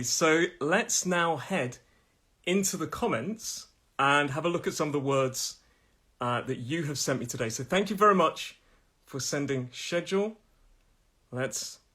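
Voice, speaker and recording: A young adult man with a southern English accent teaching pronunciation live, repeating words slowly and laughing often. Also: on the high side, a bit bright, breathy edge. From England. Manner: friendly, drawn-out repetitions of words, laughs often. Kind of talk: live online pronunciation lesson.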